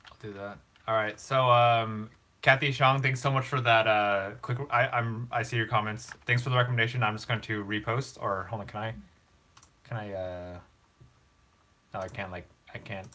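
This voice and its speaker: A man's voice: fairly low pitch, fairly even intonation, moderate pace, pushed and bright. A young man hosting a casual live stream, talking earnestly and emotionally to comfort a viewer.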